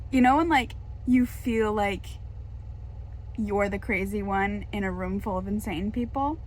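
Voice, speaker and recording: A young woman talking casually in a reading vlog, emotional and ranting, swinging from hushed asides to exasperated outbursts, tired from lack of sleep. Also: mid-range voice, a little slow. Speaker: book vlogger.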